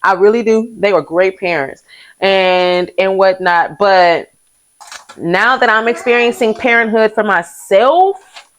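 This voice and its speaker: A woman's voice: medium pitch, slow pace, low-quality recording. A young woman hosts a vlog, talking candidly and casually about parenthood. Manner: candid, chatty, uses southern US vernacular, laughs often. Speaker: vlog host. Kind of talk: casual confessional chat.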